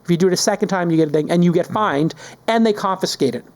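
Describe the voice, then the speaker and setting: Joking, animated male podcast host. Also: high-pitched, fast talker. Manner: animated, joking, rants with mock outrage. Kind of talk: casual chat.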